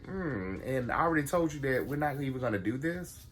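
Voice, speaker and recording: A man telling a story to his viewers in a casual vlog, blunt and animated, swearing freely and calling his audience y'all. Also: medium pitch, brisk, few pauses, breathy edge, soft background music. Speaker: vlogger.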